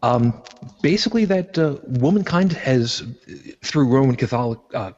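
A man's voice: mid-range voice, lively intonation, normal speed, darkish tone. A man hosting a casual discussion, explaining his points in an earnest way. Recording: dull lo-fi sound.

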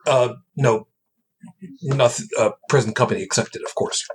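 A man's voice: mid-range voice, fairly even intonation, unhurried, slightly rough. A man hosting a live podcast, talking in a rambling, jokey way. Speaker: host. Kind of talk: casual live podcast chat.

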